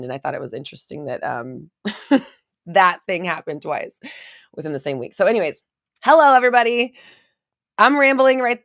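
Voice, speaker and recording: A woman's voice: sits low, a bit bright, no room sound, clean studio sound. A woman hosting a casual live stream, rambling chattily and reading out viewer comments.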